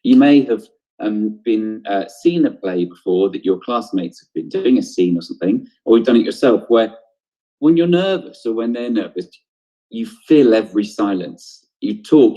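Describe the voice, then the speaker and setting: Soft-toned man teaching drama. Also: on the low side, expressive, moderate pace, muffled recording. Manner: explanatory, asks questions then answers them, frequent ums. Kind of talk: online drama lesson.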